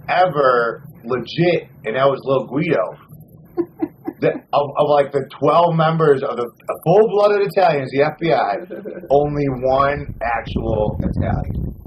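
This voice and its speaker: A man hosting a wrestling podcast in casual chat, cursing freely and talking with animated swings. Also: fairly high pitch, unhurried, a little hiss or hum, low-quality recording. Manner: profane, animated, lists names in runs. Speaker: podcast host.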